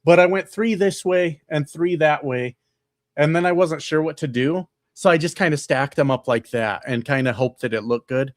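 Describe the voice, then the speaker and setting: Man, livestream host, casual and profane, slightly high voice, dry close-miked sound, home room with sound panels. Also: normal speed, no echo. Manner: loose, profane and chatty, with frequent fillers and laughs. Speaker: livestreamer and political candidate. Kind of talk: casual livestream chat, reading viewer comments. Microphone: upgraded desk microphone.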